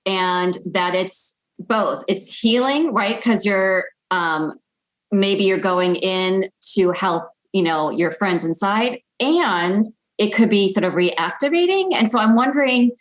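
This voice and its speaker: A woman interviewing a guest, asking reflective questions in a conversational way. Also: mid-range voice.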